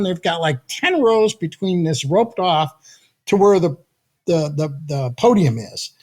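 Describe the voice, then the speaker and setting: An older man, a guest in an interview, telling animated stories with a slightly husky voice, acting out quotes and laughing often. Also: sits high, normal speed. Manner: lively anecdotes, acts out quotes, laughs often. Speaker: guest, audio company founder. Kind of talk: animated storytelling in conversation.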